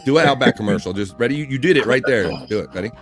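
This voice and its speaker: A man hosting a casual live stream, loud and joking, laughing often with crude banter. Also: medium pitch, lively intonation, racing, soft background music. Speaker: host.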